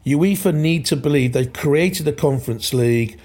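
A man's voice: a little high, normal speed, a little mellow. Rambling, emphatic male podcast co-host. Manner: rambling, emphatic, repeats himself. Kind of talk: casual chat. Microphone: video call.

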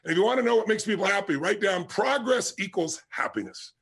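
Middle aged guy giving a pep talk, kinda high voice, husky and breathy, storytelling and emphatic. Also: animated, fairly quick, fairly bright tone. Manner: emphatic storytelling, punching key words. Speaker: motivational speaker. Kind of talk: motivational talk to an audience.

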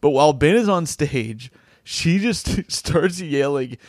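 A man with a fairly high voice tells a rambling stand-up comedian's anecdote in a relaxed podcast chat. He slips into quoting the people in his story. The sound is dry and close. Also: slow, no room sound. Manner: rambling anecdotal telling, acting out quotes.

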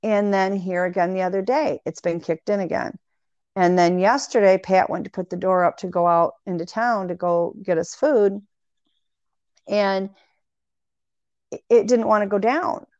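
A woman in casual conversation, telling long animated anecdotes full of quoted dialogue. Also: mid-range voice, moderate pace, no room sound. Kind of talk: casual storytelling chat. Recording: dry, dull lo-fi sound.

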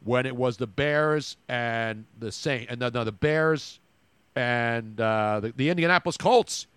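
A man co-hosting a sports podcast, talking in an animated, rambling, teasing way. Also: medium pitch, unhurried, clean tone, no echo. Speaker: podcast co-host. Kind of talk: casual sports chat.

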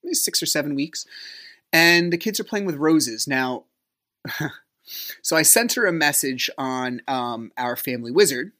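A man hosting a podcast, talking through a personal story in a loose, conversational way. His speech is full of fillers and dry, exasperated asides. He leaps up in pitch when he acts out what others said. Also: lively intonation, unhurried, sharp tone. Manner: casual and conversational, with frequent fillers; acts out quoted dialogue with big pitch jumps. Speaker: podcast host.

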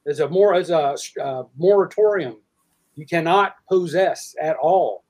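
A high-pitched man, talking loosely and drawling through stories about fishing and barbecue. He rambles, restarts his sentences and jokes as he goes, in an easy, casual chat. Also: measured pace, a little mellow. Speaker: fishing and cooking show host.

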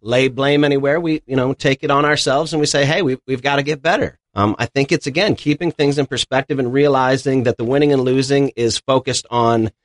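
A man's voice: mid-range voice, fairly even intonation, fairly quick, hardly any pauses, no echo. A man who coaches youth sports, answering interview questions in an earnest, motivational way.

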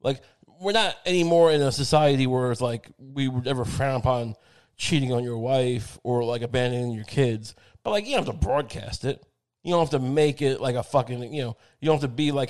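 A man's voice: medium pitch, fairly quick, darkish tone. A man on a crude, rambling comedic rant, swearing constantly and digressing, slipping into mocking voices for the people he quotes.

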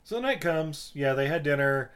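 A man's voice: on the high side, expressive, normal speed, fairly bright tone, clean tone. A man co-hosting a podcast, recapping a movie in casual chat, rambling and swearing with jokes. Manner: rambling, profane, joking. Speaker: podcast co-host.

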